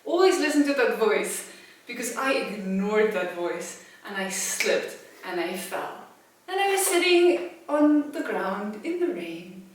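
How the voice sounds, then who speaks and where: A woman telling a comedic personal anecdote as a storyteller, animated and self-mocking, with big swings in pitch and loudness. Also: a little slow, a little hiss or hum. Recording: very echoey room, from a distance.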